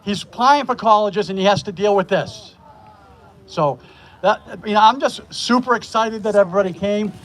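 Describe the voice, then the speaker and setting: A man's voice: high voice, normal speed, fairly bright tone. Earnest man opening a protest rally. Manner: earnest, passionate. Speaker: protest organizer. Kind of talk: outdoor rally speech. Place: outdoors at a street protest.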